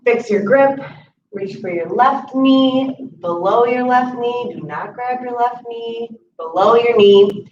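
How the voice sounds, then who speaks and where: Woman, chair yoga instructor, calm step-by-step cues, distant mic, faint hiss. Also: on the high side, slow pace. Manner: calm instructive cueing of breaths and moves. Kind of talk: guided exercise class. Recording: roomy, distant, muffled audio with faint hiss.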